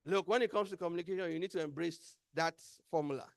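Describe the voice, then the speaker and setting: A man's voice: on the high side, fast talker, creaky, no echo, studio quality. A man with a Nigerian accent giving a motivational training talk, emphatic and repeating key words as he quizzes his audience. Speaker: workshop trainer.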